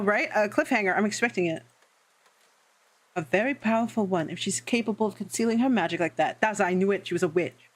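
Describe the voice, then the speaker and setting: A woman's voice: medium pitch, fairly quick. A woman streamer chatting playfully while reading a game aloud, giddy and swearing casually.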